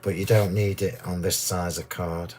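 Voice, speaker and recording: Hoarse, gushing craft-demo man. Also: deep voice, little pitch movement, normal speed, darkish tone, a little hiss or hum. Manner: chatty, gushing, enthusiastic. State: hoarse, losing his voice. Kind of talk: live card-making demonstration.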